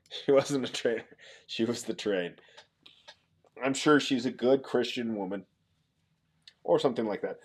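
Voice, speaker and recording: A man's voice: mid-range voice, a little slow, pauses often, darkish tone. A man hosting a casual livestream from Nebraska, chatting and joking with viewers as he reads the chat aloud. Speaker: livestream host.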